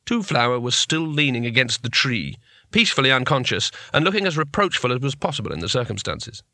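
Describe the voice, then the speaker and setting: A man's voice: mid-range voice, big pitch swings, bright, forceful tone, no room sound, clean studio sound. Man narrating a comic fantasy audiobook. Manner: wry, measured storytelling. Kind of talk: scripted narration.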